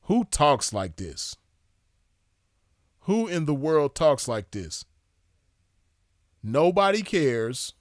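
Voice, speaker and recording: A man's voice: a little high, sing-song, very slow, pauses often, dry recording, studio quality. A man giving casual commentary in a loose, drawling way, with a scornful edge.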